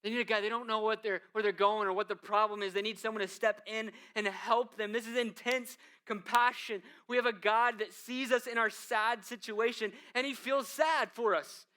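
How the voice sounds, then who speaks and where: A man preaching a sermon as the church's pastor, in a conversational style with asides, moving between hushed and emphatic delivery. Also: high-pitched, fairly even intonation, moderate pace, few pauses, clear, resonant tone. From United States.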